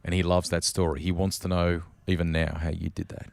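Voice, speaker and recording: Deep-voiced podcast host. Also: male voice, level tone, a little fast, gravelly, darkish tone, dry recording. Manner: enthusiastic interjections, calls guest mate. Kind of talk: casual interview.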